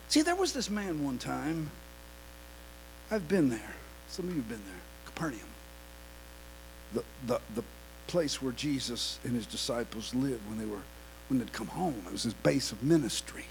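A male preacher delivering a sermon, turning animated and rising into a shouted sing-song at its peaks. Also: mid-range voice, moderate pace, gravelly, pauses often.

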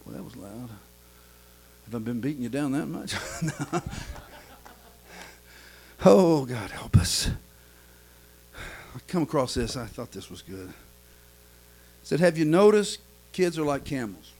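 A man's voice: medium pitch, expressive, slow pace, creaky, pauses often, a little mellow, husky, low-quality recording. A man pastor preaching a sermon, with a chanting cadence and frequent "uh" fillers.

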